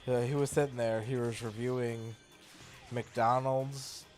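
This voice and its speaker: A man's voice: mid-range voice, flat delivery, unhurried, darkish tone, faint music behind. A young man in a casual, crude chat, swearing freely and laughing often as he tells stories.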